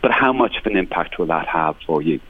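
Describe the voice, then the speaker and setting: A man guesting on a radio show, speaking in a measured, hesitant way with many fillers. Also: sits low, animated, husky, no room sound. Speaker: guest promoting a talent directory. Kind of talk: radio interview. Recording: tinny phone-line audio.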